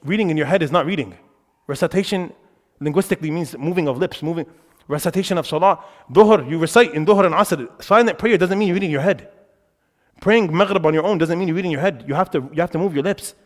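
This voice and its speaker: A young man with a rather high voice teaches about worship in a mosque hall, speaking fast, animatedly and emphatically. His conversational lesson is full of fillers, and the room's echo is audible.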